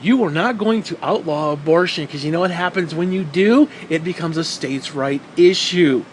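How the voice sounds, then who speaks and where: A man's voice: on the high side, moderate pace, a little hiss or hum, low-quality recording. A man ranting in a profane, heated monologue, sarcastic and mocking, swearing constantly. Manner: mocks others in put-on quoted voices. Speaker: vlogger.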